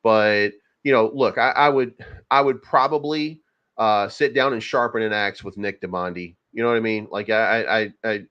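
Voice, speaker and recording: A man's voice: lowish voice, normal speed, clear, resonant tone, lo-fi sound. A man hosting a casual crypto livestream, rambling and profane, with many fillers and restarts. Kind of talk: casual livestream market commentary.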